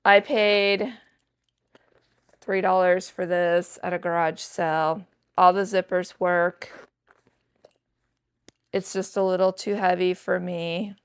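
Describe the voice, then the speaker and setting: Slow, smooth-voiced woman in her sixties. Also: on the low side, flat delivery. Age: 60s. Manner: chatty, enthusiastic show-and-tell to viewers. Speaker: thrift reseller vlogger. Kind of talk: casual haul vlog.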